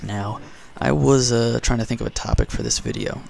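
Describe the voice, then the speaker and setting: A man's voice: medium pitch, wildly swooping pitch, moderate pace, creaky, a little mellow. A man doing casual gameplay commentary in a just-woken morning voice, chatty and rambling with self-mocking jokes. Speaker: gaming commentator.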